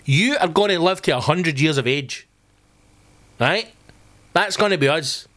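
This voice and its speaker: A Scottish man hosts a podcast, launching into a sweary, rambling comic rant. His voice is fairly high and fairly bright, expressive yet unhurried.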